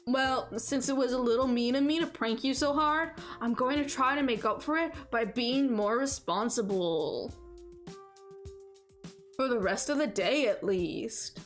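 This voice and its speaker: A goofy young male werewolf prankster voiced by a woman who talks in a loose surfer-dude drawl. He teases and laughs easily, pitched a little high for a guy, with faint music underneath. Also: measured pace, lightly acted. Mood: earnest. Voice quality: laid-back surfer-style drawl. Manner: teasing, laughing.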